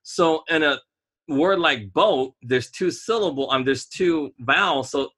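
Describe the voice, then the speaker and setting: A man's voice: on the high side, a little slow, bright, forceful tone, husky. A man co-hosting a casual podcast chat, talking emphatically and rambling, often stalling to hunt for a word. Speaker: podcast co-host.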